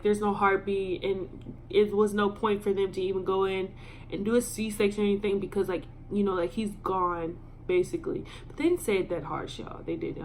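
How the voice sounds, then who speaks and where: A young woman with a drawl and a medium-pitched voice tells her viewers a personal story in a storytime vlog. Her casual delivery is halting, emotional, and packed with ums and other fillers, with a faint hiss beneath her voice.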